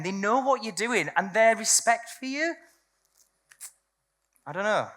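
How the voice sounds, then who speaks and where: A woman's voice: mid-range voice, very animated, a little slow, a bit bright. A woman giving a live business talk to a room, blunt and candid and swearing freely. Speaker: seminar speaker. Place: event room with a live audience.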